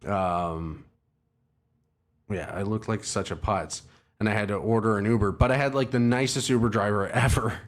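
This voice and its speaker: On his livestream, the man talks at a moderate pace in a voice on the low side, telling his chat a long, wandering story. The tale is casual, profane, and self-deprecating.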